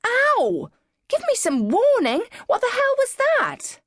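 Woman voicing a shrill young patient in pain. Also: big pitch swings, a little slow, dry recording, clean studio sound, full character voice. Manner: shrill, pained outbursts.

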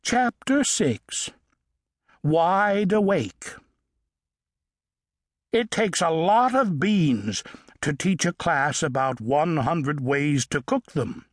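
Slow, expressive storybook narrator, male. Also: a little high, no room sound, studio quality. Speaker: audiobook narrator. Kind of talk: children's audiobook narration. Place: recording studio. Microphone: studio microphone.

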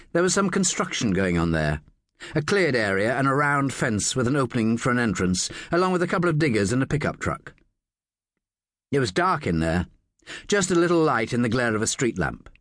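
Guy narrating a thriller audiobook, very lively pitch, dead dry close mic. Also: no room sound.

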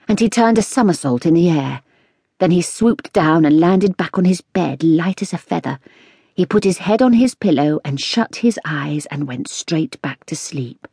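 A woman narrating a children's storybook in a lively, expressive reading. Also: low voice, measured pace, breathy edge, no echo, studio quality. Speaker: audiobook narrator.

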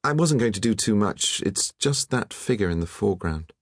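A blunt, gruff young woman painter , as a male narrator puts her on, speaking clipped and impatient in a storybook reading. The voice sits well above the reader's own deep register, dry and close with no room around it. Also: animated, moderate pace, dry recording. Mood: brisk. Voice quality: gruff, curt.

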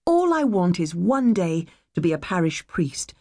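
A woman reading a first-person novel aloud, measured and wistful. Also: lowish voice, sing-song, darkish tone, husky, no room sound, studio quality. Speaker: audiobook narrator. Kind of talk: first-person audiobook narration.

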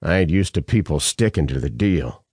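A man doing a terse, gruff ex-soldier. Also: a bass voice, animated, normal speed, darkish tone, no echo, studio quality, heavily acted. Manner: terse, curt and slangy. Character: gruff male ex-special-ops leader, tough and terse.

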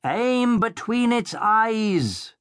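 A man's voice: mid-range voice, lively intonation, slow, a bit bright, no echo, clean studio sound, full character voice. A man playing a bossy villainous baron. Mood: shouting. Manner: bossy, barks orders and insults. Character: domineering villainous adult male baron.

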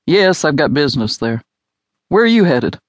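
A man voicing a smooth, seductive suitor. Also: big pitch swings, normal speed, dry recording. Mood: flirting. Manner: low, teasing and assured. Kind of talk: audiobook romance dialogue.

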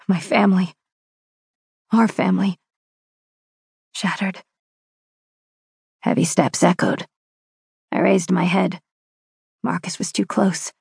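A woman narrates a first-person fantasy romance audiobook with dramatic, measured intensity. Her voice is slow, gravelly and husky. The recording is close and dry. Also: on the low side, steady tone, darkish tone, dry recording.

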